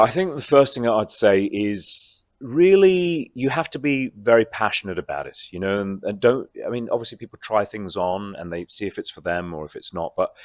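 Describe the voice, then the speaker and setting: A man, a guest actor in a convention interview, talking in a reflective, animated way. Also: lowish voice, no room sound, clean studio sound. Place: convention floor.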